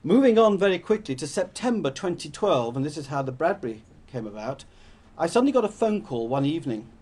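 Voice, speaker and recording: Older english man, husky voice, rambling storyteller, self-correcting, public talk. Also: fairly high pitch, big pitch swings, brisk, a little mellow. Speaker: public speaker.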